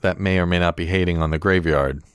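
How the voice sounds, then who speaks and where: A man's voice: low-pitched, fairly even intonation, fast, clear, resonant tone, dry recording, clean studio sound. A man co-hosting a casual podcast, reviewing game cards in a wry tone, laughing often and reading card text aloud. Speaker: podcast co-host.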